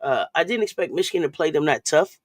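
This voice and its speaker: A woman's voice: sits low, animated, quick pace, no echo. A woman hosting a casual sports talk live stream, chatty and loose, often repeating and restarting her phrases while greeting viewers.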